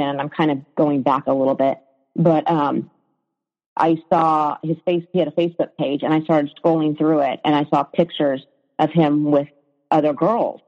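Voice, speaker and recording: A woman telling her own story in a conversation, hesitant, with frequent fillers and restarts. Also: low voice. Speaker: guest sharing her story. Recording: reverberant, dull lo-fi sound.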